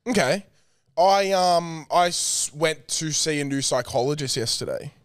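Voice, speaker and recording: A man's voice: on the high side, unhurried, clean tone, no echo, clean studio sound. A young Australian man co-hosting a podcast, chatting casually and swearing freely in a lighthearted way. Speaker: podcast co-host. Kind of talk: casual chat.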